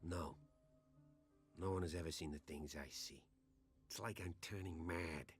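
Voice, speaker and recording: Troubled soldier patient in a game, very deep voice, hesitant delivery. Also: male voice, fairly even intonation, unhurried, soft background music. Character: haunted young soldier patient, anxious and sleepless.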